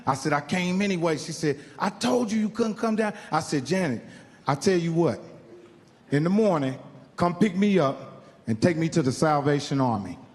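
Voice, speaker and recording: A middle-aged man from Indiana telling profane stand-up stories with animated, acted-out quotes on a comedy club stage. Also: fairly high pitch, moderate pace. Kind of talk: stand-up storytelling. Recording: live club sound with hall reverb.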